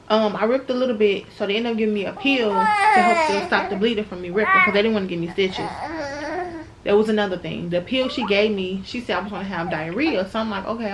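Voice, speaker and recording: Young woman, casual to-camera storyteller, medium pitch, emotional and talky, steady background noise. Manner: chatty, addresses viewers as y'all, emotional retelling. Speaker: new mother vlogger.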